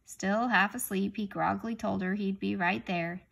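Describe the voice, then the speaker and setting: A woman reading a children's chapter book aloud, stopping now and then to ask young listeners gentle questions. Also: mid-range voice, steady tone, normal speed, creaky. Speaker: reader.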